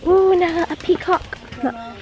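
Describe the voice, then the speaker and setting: In a muffled recording full of outdoor noise and animals, a mother vlogging at a park and wildlife reserve chats casually with her toddler. Her very high-pitched voice moves at a moderate pace, coaxing and playful, in a bouncy sing-song baby-talk lilt.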